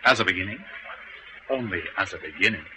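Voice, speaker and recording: A cold, menacing villain doctor. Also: male voice, low-pitched, lively intonation, pushed and bright, slight background noise, exaggerated voice, rough recording. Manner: formal, measured, menacing. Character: cold scheming male criminal mastermind doctor. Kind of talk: vintage radio drama acting.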